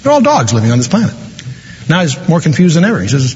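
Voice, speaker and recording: A man preaching a sermon, telling a story and slowing down dramatically for emphasis. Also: on the high side, huge pitch swings, a little mellow, husky. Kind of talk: sermon with a told joke. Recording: dull, reverberant hall recording.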